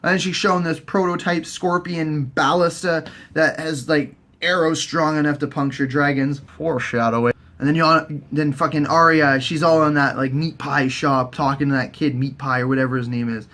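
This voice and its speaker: A man giving a profane, excitable casual recap as a vlogger. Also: fairly high pitch, moderate pace, few pauses. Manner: excitable, sweary, animated.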